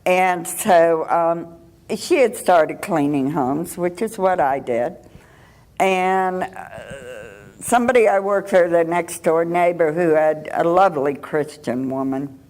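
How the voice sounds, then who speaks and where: An older woman giving a personal testimony at church, telling her story in a halting, unhurried way with restarts and soft laughs. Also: on the low side, expressive.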